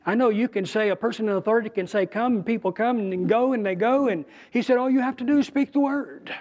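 Male preacher, high voice, talks through scripture conversationally with emphasis. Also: a little mellow. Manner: conversational, emphatic, with pauses and restarts. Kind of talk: bible teaching.

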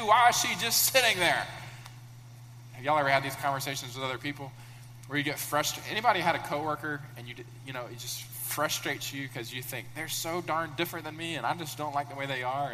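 A man preaching a sermon, animated, acting out the characters in sudden loud high bursts. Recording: long echo of a large room, faint hum.

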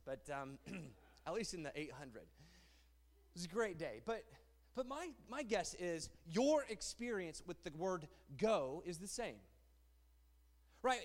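A married man preaching a sermon as pastor, animated and rhetorical, often repeating phrases. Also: high voice. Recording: long hall reverb.

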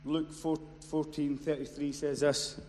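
A man preaching a sermon. His voice sits fairly high, and he swings from hushed, close storytelling to loud, impassioned cries. The sound rings with a long hall reverb over a faint background noise. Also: little pitch movement, unhurried. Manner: builds from quiet storytelling to loud impassioned shouting.

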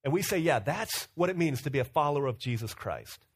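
A man's voice: fairly high pitch, expressive, a little fast, breathy edge. A male pastor preaching in a casual, storytelling way, acting out quotes and using lots of fillers. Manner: storytelling with playful acted-out quotes and many fillers. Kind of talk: casual sermon.

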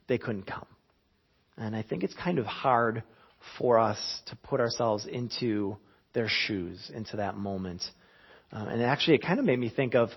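A man's voice: medium pitch, breathy edge, muffled recording. A man in his thirties, a pastor giving a conversational sermon with chuckles and frequent restarts.

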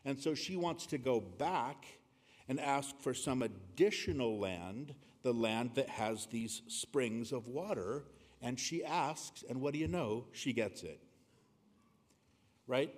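A man's voice: medium pitch, a little mellow. Man, pastor, earnest sermon, scripture reading, long hall reverb. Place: church sanctuary.

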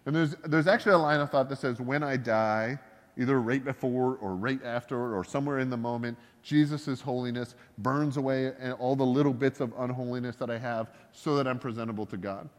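A man's voice: medium pitch, fairly quick. A man preaching a sermon as a pastor, talking in a loose, conversational way with jokes and self-deprecating asides. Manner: conversational and joking, with laughs and asides. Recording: long hall reverb.

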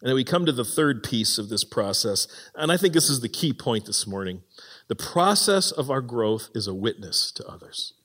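A man preaching a sermon in a church, animated and acting out the voices he quotes. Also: medium pitch, moderate pace. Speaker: pastor. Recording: long hall reverb.

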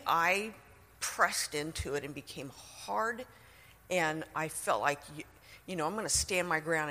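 A woman's voice: medium pitch, bright, forceful tone. Earnest woman telling a testimony in a reverberant hall. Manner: earnest, emotional storytelling. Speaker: speaker sharing a testimony. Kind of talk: personal testimony.

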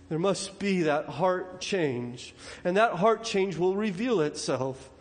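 A man preaching a sermon as pastor, swinging between loud urgent warnings and quiet pleading. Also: high voice, lively intonation, slow, hardly any pauses.

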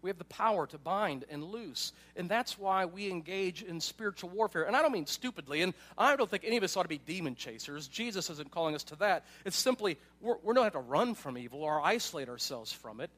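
A man with a high, light voice preaching a sermon. He talks to the congregation conversationally, tossing in asides and checking in with a quick "right?" as he explains his point. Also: animated, fairly bright tone. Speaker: pastor.

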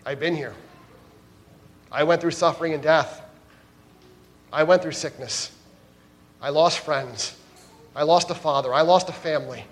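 A gentle, reassuring male Jesus speaks in a soft, hushed, tender way, as a preacher quotes him in a sermon. His tone sits a little below the preacher's own fairly high voice and stays quiet and close. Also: unhurried, pauses often, close to an everyday voice.

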